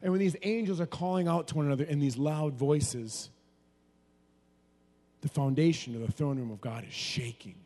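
A man's voice: on the high side, normal speed. Preaching man in a reverberant hall. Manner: animated preaching, swings from soft to loud. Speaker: pastor. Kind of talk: sermon.

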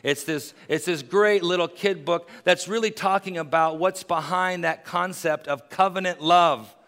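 A man's voice: sits high, measured pace, a bit bright. A man preaching a sermon, earnest and building to emphatic peaks. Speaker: pastor. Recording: long reverb of a large hall.

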